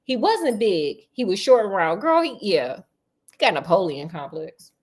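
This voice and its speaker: A woman reading a novel aloud as a storyteller, breaking off for sassy, animated asides. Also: mid-range voice, measured pace.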